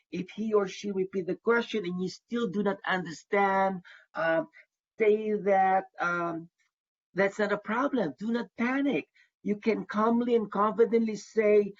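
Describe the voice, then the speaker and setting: A man leads an online workshop as an advisor to international students. He sounds earnest and says his main points twice to drive them home. His voice is a little husky, and the call audio is dull and lo-fi. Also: sits high, measured pace. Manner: earnest, repeats key advice for emphasis. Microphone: video call.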